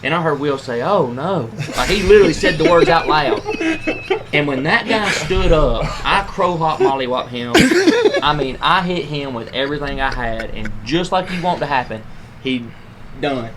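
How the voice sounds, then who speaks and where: Animated man telling a tale. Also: on the high side, moderate pace, over a noisy crowd. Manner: animated, laughing, acts out quoted lines. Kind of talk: casual storytelling among friends. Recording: noisy room ambience.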